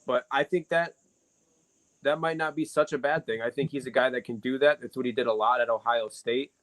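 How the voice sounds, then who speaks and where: A man's voice: medium pitch, fairly even intonation, brisk, fairly bright tone, low-quality recording. A man co-hosting a casual sports podcast, analyzing football matchups at length with frequent fillers. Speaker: podcast co-host.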